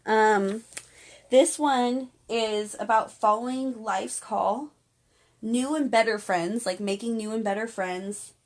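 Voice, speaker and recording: A woman's voice: fairly high pitch, takes it slowly. Chatty young woman hosting a spiritual live stream. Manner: chatty and rambling, reads viewer comments aloud; earnest, coaxing encouragement. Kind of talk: casual live-stream chat. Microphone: phone or webcam on a live stream.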